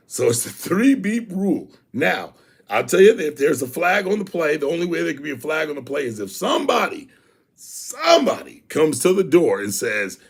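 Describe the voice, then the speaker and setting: A man hosting a youth sports show in casual live-stream chat, animated, repeating phrases and shouting out viewers by name. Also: fairly high pitch, normal speed, gravelly, breathy edge.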